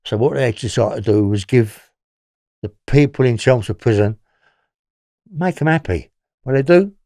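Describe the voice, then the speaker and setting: A man's voice: medium pitch, lively intonation, normal speed, dark tone, no echo, clean studio sound. A man, a former prisoner telling rambling stories in an interview, swearing and laughing as he goes. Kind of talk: storytelling interview.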